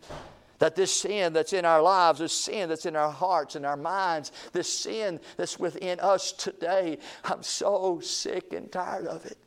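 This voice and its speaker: Male revival preacher, fairly high-pitched, swings between booming and near-whispered lines. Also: fairly even intonation, measured pace. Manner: swings from booming to hushed, repeats phrases. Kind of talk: revival sermon.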